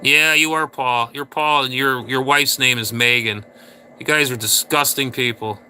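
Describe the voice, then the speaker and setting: A man's voice: mid-range voice, steady tone, normal speed, sharp tone, slight background noise. A man hosting a casual livestream, rambling and ranting crudely at viewers in chat. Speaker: livestream host.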